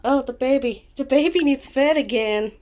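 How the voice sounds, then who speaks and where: A woman's voice: high voice, measured pace, a little mellow. A woman casually commentating on a life-simulation game as she plays, narrating what happens on screen and laughing often. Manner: giggly, narrates the game aloud. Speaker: gameplay commentator.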